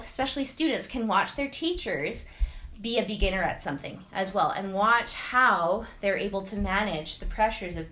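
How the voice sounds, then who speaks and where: A woman's voice: mid-range voice, fairly bright tone. A woman yoga teacher chatting enthusiastically in a casual vlog, talking while she moves through yoga poses. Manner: chatty, enthusiastic, rambling with many fillers.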